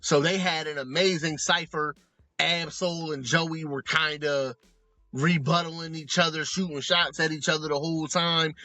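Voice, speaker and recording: A man co-hosting a comedy podcast, talking in an animated, profane, joking way. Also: on the high side, normal speed, no echo. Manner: animated, profane, joking, does mock voices in asides. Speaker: podcast co-host. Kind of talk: casual comedic commentary. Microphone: remote recording, close mic.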